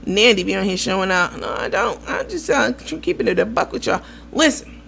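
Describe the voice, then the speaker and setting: A woman hosting a casual gossip commentary show, talking in a lively, profane way and acting out the voices of the people she quotes. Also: lowish voice, slight background noise. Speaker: host.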